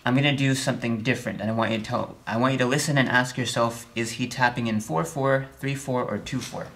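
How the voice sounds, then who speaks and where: A man teaching a music theory lesson, chatty and a little wry, often checking in with the viewer and counting beats out loud with hard accents on the downbeat. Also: medium pitch, steady tone, fast, gravelly. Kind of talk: recorded video lesson.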